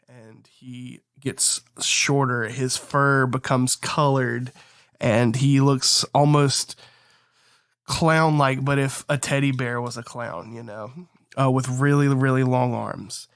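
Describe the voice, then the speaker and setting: A man playing a tabletop game, with a smooth, clear voice recorded close and dry. He casually narrates what his character does. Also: mid-range voice, fairly even intonation, slow pace, dry recording. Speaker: player. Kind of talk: tabletop game role-play.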